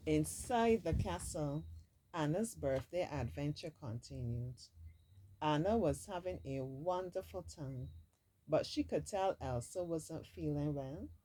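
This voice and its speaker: A woman's voice: sits low, expressive, measured pace, mellow, low-quality recording. A woman reading a storybook aloud expressively, dropping in casual asides of her own. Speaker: storybook reader.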